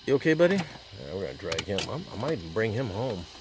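A man's voice: low-pitched, sing-song, fairly quick, noisy background. Rambling, profane man outdoors at night. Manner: rambling, profane, talks to the animal and his dog. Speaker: hunting vlogger. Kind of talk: casual rambling commentary. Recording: loud night insects outdoors.

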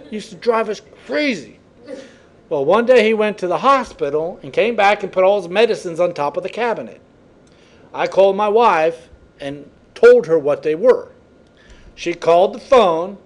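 A man's voice: high voice, lively intonation, fairly quick, a little mellow. A man lecturing a class, telling chatty, folksy stories in a classroom. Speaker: college instructor.

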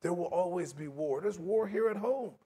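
A man preaching a sermon in a conversational, animated way, acting out quotes and laughing along with his points. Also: high voice, moderate pace, breathy edge.

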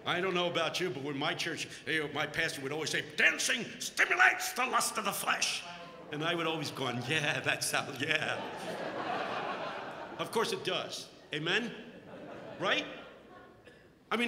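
A man preaching a lively, joke-filled sermon at a conference. His voice is high and sharply bright. It echoes through a large hall with a long reverb tail. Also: a little fast. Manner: joking, animated storytelling. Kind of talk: humorous sermon.

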